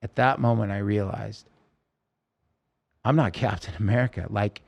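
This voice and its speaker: A man telling his own story in a podcast interview, earnest and halting, with many restarts. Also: fairly low pitch, creaky, darkish tone, highs cut off.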